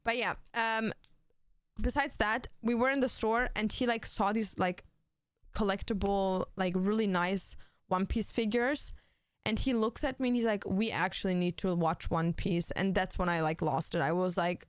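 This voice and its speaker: A woman's voice: mid-range voice, fairly even intonation, moderate pace, smooth, dry recording, clean studio sound. A young woman streaming, chatting casually while she plays, blunt and swearing freely with lots of fillers. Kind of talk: casual chat while gaming.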